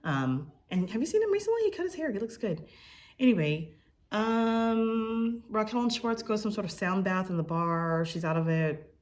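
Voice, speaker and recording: Young woman, low voice, casual reality TV recap, opinionated, chatty, lots of fillers. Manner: mimics cast members' lines in a higher voice. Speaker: recap host.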